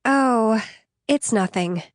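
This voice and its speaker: A woman's voice: takes it slowly, no echo, clean studio sound. A woman voicing a flustered, teary young friend. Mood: tearful, flustered. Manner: breathless, high and apologetic. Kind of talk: audiobook dialogue reading.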